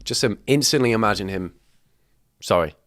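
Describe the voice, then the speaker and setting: A young man hosting a reaction video, rambling in crude, self-mocking jokes with sudden loud outbursts. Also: on the low side, normal speed. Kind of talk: casual comedic reaction commentary.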